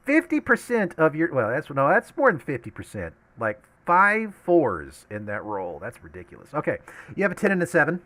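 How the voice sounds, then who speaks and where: Lively, bright-voiced male game master. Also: on the high side, moderate pace. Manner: lively, laughs often, explains rules. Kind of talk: running a tabletop game session.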